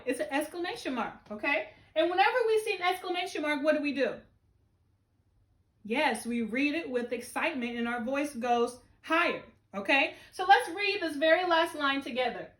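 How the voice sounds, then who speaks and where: A woman's voice: high-pitched, animated, normal speed, a bit bright. A woman teacher giving a remote phonics lesson to young children, with an encouraging, sing-song classroom delivery. She is recording from home. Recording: roomy echo.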